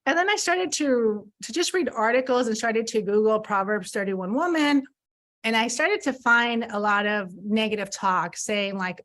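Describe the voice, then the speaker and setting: A woman's voice: a little high, animated, measured pace, fairly bright tone. A woman speaking as a podcast guest, telling a personal story in an earnest, emotional way and acting out her own inner questions. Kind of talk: personal testimony in a podcast interview.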